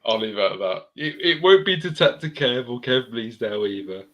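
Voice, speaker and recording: A man's voice: mid-range voice, sing-song, fairly quick, highs cut off. A man telling rowdy anecdotes in a casual chat, swearing freely.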